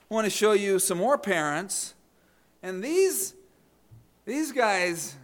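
A middle-aged man preaching a sermon, telling family stories and often repeating words as he restarts a thought. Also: on the high side. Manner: storytelling with acted quotes, repeated words. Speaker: pastor.

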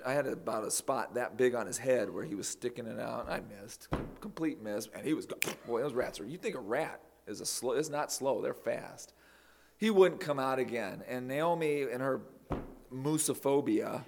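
A man preaching a sermon in a conversational way, with folksy asides and emphatic peaks. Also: mid-range voice. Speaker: pastor.

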